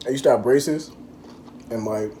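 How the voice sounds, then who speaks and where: A man's voice: medium pitch, moderate pace, dark tone, a little hiss or hum. A young man vlogging to camera, telling a story in loose, rambling casual chat full of fillers.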